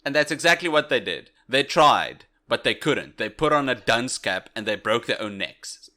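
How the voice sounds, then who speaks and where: A man's voice: mid-range voice, moderate pace. A man co-hosting a podcast in casual, jokey chat. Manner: lively and bright, jokey. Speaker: podcast co-host.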